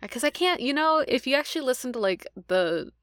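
A woman's voice: high voice, very animated, fairly quick, fairly bright tone, no echo, studio quality. A woman co-hosting a podcast in casual chat, playfully quizzing her co-host. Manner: playful quizzing, frequent laughs.

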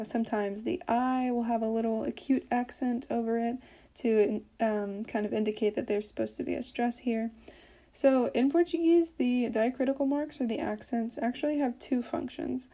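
A woman's voice: on the high side, warm tone. A woman hosting a podcast, giving a casual Portuguese lesson with lots of fillers as she explains. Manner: chatty, explains with many fillers. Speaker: podcast host teaching Portuguese.

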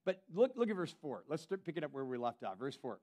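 A man's voice: a little high, very animated, fast talker. Fervent male pastor preaching. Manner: emphatic preaching, drops to quiet intensity; repeats words and restarts phrases. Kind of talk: sermon.

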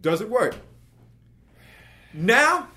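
A man, a working actor, telling an anecdote as a guest and acting out the voices of the people in it. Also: very slow. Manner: lively, acts out quotes with big pitch jumps. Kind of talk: animated storytelling.

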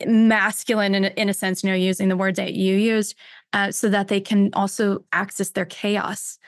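A woman's voice: mid-range voice, dry recording. Dry-sounding woman host, reflective. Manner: reflective, searching for words, frequent fillers. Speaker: podcast host, therapist. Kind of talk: casual interview conversation.

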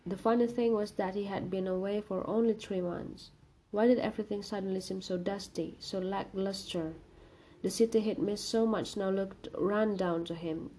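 Woman reading a story out loud, calm and measured, warm mellow tone. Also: medium pitch, a little hiss or hum. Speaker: reader. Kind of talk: audiobook-style short story reading.

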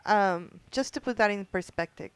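A woman's voice: mid-range voice, moderate pace, clean tone, no room sound. A middle-aged woman earnestly telling a story in casual conversation, emotional at times, with many ums and restarts. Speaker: organizer of a military spouse program.

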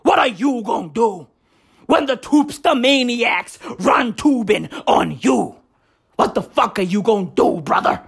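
A woman putting on an impression of a brash male wrestler, growling shouted taunts at a lower pitch than her own talk. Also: expressive, measured pace, gravelly, breathy edge, full character voice. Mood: taunting shout.

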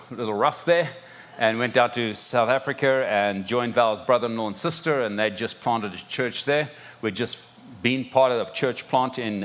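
A man's voice: mid-range voice, a bit bright. A middle-aged man from Zimbabwe with a Zimbabwean English accent, opening a sermon as a visiting pastor in a church, chatty and self-deprecating with many restarts. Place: church sanctuary.

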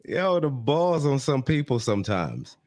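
Laid-back man with lively pitch. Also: dry recording, studio quality. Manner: laid-back, blunt reactions, swears. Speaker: podcast co-host. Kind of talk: casual chat.

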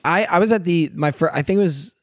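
Young male comic, casual podcast talk, animated and profane, dry close sound. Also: sits high, a little fast, no room sound. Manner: swears a lot, animated storytelling. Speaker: stand-up comic.

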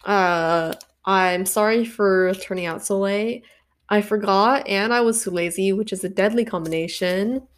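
A woman talks alone on her podcast in a loose, rambling way. She pokes fun at herself as she goes. Her pitch sits in an ordinary middle range. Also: a little slow. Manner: rambling, self-deprecating and chatty. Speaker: podcast host. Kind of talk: solo casual podcast chat.

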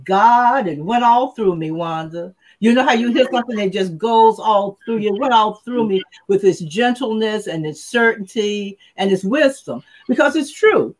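A woman's voice: medium pitch, lively intonation, moderate pace, few pauses. Older woman podcast host, earnest. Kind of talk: casual chat.

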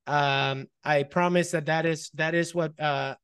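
Higher-voiced man hosting an interview. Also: steady tone, measured pace, fairly bright tone, smooth. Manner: filler-heavy, friendly, reads a guest bio aloud. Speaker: show host, interviewer.

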